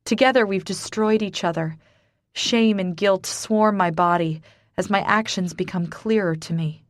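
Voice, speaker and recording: A woman's voice: medium pitch, a little slow, no room sound, studio quality. Emotional female audiobook narrator. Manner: emotional, intimate, dramatic. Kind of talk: first-person romance audiobook narration.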